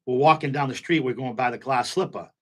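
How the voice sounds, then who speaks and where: A man's voice: medium pitch, fairly quick. A middle-aged man, a nightclub owner telling stories in a casual interview and acting out the quotes. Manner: animated storyteller, acts out quotes, repeats "you know what I'm saying".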